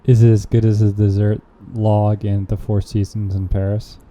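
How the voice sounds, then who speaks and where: Male podcast host, very dark mellow tone, rambling jokey delivery. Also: fairly low pitch, level tone, normal speed, dull audio, a little hiss or hum. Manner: rambling, joking, lots of fillers. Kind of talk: casual chat.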